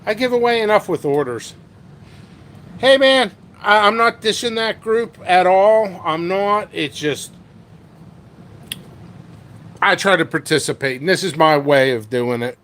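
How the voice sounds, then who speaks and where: A high, bright-voiced man rambles slowly through a casual live-stream chat, joking and poking fun at himself. He sounds set back from the mic, with faint noise in the background. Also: far from the mic. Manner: rambling, joking, self-mocking. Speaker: host of a pepper and hot sauce channel.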